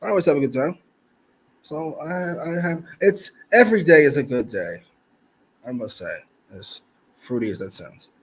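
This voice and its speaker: A man co-hosting a podcast with a dry, blunt, deadpan manner. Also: on the high side, normal speed, breathy edge. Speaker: podcast co-host. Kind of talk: casual chat.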